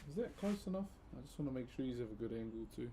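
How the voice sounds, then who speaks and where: A man's voice: mid-range voice, expressive, very fast, warm tone, a little hiss or hum. A laid-back man from New Zealand with a New Zealand accent, chatting casually with his live-stream viewers while he carves wood and calling them bro.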